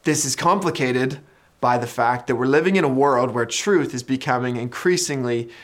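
A male pastor delivering a sermon with an easy, chatty manner. He tells the story with dramatic pacing and sinks to soft, weighty lines for emphasis. His voice sits at an ordinary middle pitch. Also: moderate pace. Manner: conversational, dramatic retelling with quiet emphatic drops.

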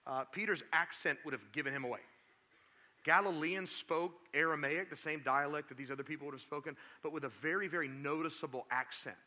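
Bright-voiced preacher, animated storyteller. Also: male voice, on the high side, brisk. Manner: animated storytelling, acts out quotes; conversational, asides to the congregation. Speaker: pastor. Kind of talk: sermon.

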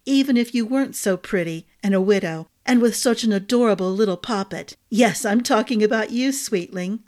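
A woman's voice: medium pitch, normal speed, a little mellow, close to an everyday voice. A woman voicing a gossipy, motherly head cook who talks with emphatic fondness. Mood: fond.

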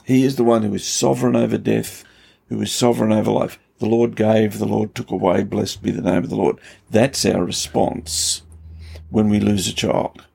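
A pastor explains scripture in a conversational teaching style, earnest and emphatic, his stories escalating in intensity. He speaks at normal speed in a lowish, level voice that is creaky, husky and darkish.

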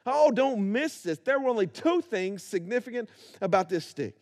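A man's voice: sits high, animated, normal speed, darkish tone. A man preaching a sermon, acting out biblical characters and building to rhythmic repetition. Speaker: pastor.

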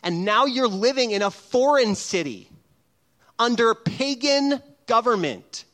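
A middle-aged man preaching a sermon as pastor, animated and humorous, often acting out little scenes. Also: extremely high pitch, a little slow.

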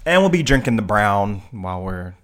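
A man's voice: fairly low pitch, sing-song, moderate pace. A man co-hosting a casual podcast, playful and sometimes slipping into a newscaster delivery. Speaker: podcast co-host.

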